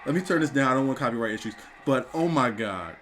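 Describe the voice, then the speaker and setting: A young man reacting live on camera for his review channel, stunned and repeating exclamations, with bursts of shouting. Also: medium pitch, expressive, quick pace. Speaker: wrestling reviewer.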